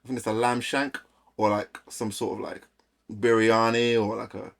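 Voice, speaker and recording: A man from London with a London accent, casually chatting and reacting to a video on a live stream in a slangy, animated way. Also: lowish voice, normal speed, vocal fry.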